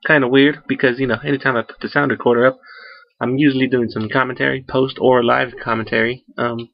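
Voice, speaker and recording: Talking quickly in a medium-pitched, fairly flat voice with vocal fry, this male YouTuber rambles through solo commentary, often using fillers and restarting. The home sound recorder gives a muffled, dry result with no echo.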